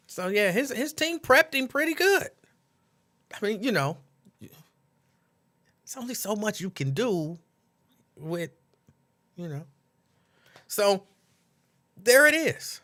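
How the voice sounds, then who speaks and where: A man hosts a casual late-night livestream. His voice sits a little high, bright and forceful. He talks in loose, animated bursts and keeps repeating lines. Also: takes it slowly, long pauses. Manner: animated, laughing, repeats lines, mimics others. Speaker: host.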